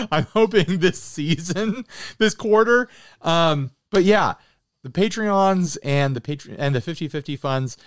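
Man, podcast co-host, smooth voice, dry close sound, casual rambling chat. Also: on the high side, slow pace, dry recording. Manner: relaxed, rambling, thankful.

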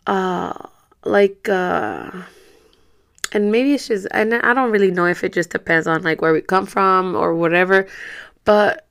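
A woman's voice: mid-range voice, steady tone, a little slow, gravelly, a bit bright, clear, resonant tone. A woman in her thirties ranting to her viewers in a casual vlog, frustrated and profane, slipping in Spanish words. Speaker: vlogger.

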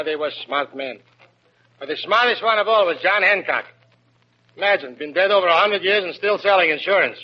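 A man hosting a 1940s radio comedy, talking in broken English and laughing at his own jokes. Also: sits high. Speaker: comedy show host. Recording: dull lo-fi old radio recording with hiss.

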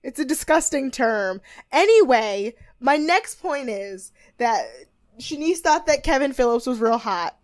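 A young woman chatting loosely as a podcast co-host, her voice sitting a touch high. She rambles and giggles, trips over her words, and slips into quick impressions of the people she is talking about. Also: animated. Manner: rambling and giggly, with lots of fillers and acted quotes. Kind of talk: casual chat recapping a TV show.

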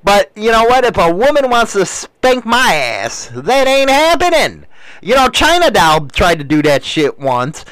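A man's voice: high-pitched, huge pitch swings, a little slow, a bit bright, clean tone, dry recording, rough recording. An older man hosting a show, delivering a blunt, crude, ranting monologue in casual talk.

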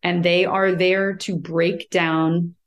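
A woman's voice: fairly low pitch, level tone, slow pace. An American woman who writes about cheese, explaining at length in a conversational interview, with many fillers and restarts. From United States.

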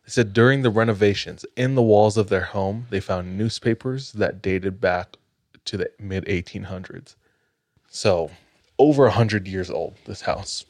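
Low, slow-talking man telling a tale. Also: darkish tone, no echo, studio quality. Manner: measured, suspenseful narration. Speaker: podcast host, storyteller. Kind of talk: casual storytelling.

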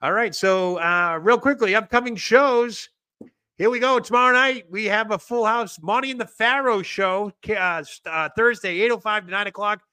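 A man with a Boston accent hosting a show, energetic and rambling as he chats and plugs events. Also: sits high, normal speed, clean tone, no room sound. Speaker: podcast host. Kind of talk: casual show chat and plugs.

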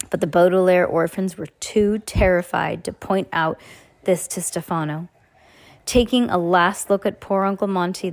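A woman reading a children's novel aloud on her podcast, often stumbling and correcting herself and adding chatty asides. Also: on the low side.

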